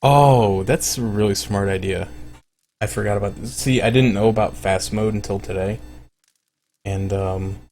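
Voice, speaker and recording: A man's voice: lowish voice, steady tone, normal speed, a little mellow, slight background noise. A man streaming a video game, chatting casually and rambling with lots of "like" and "um". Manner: rambling, with frequent "like" and "um". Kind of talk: casual gameplay commentary.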